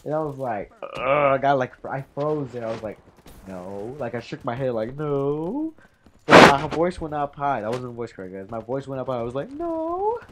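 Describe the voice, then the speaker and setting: A man's voice: medium pitch, fairly quick, very noisy. A fourteen-year-old boy telling an embarrassing story to his viewers, rambling, swearing and calling out "guys". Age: teenager, fourteen. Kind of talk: casual storytelling to camera.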